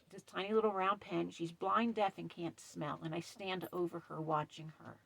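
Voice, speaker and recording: A middle-aged woman talks to her phone camera from a dark trailer, worked up after a quarrel. Her voice sits a little low, with a gravelly, slightly husky edge. She speaks emphatically and sternly. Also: fairly even intonation, normal speed. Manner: upset, emphatic, retells quarrel with stern quoted lines. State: shaky and upset. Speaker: camp host. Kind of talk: casual vlog rant. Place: dark trailer at night with ring light.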